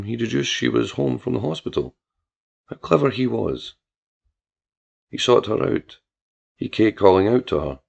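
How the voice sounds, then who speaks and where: A man narrating a dark fiction story in a slow, solemn, measured way. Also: fairly low pitch, gravelly. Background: music.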